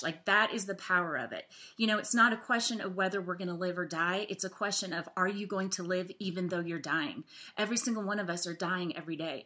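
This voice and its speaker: A woman's voice: fairly low pitch, sharp tone. A woman sharing a personal faith story in a casual, earnest way, with lots of fillers like "um" and "like.". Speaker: faith vlogger. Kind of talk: casual devotional talk.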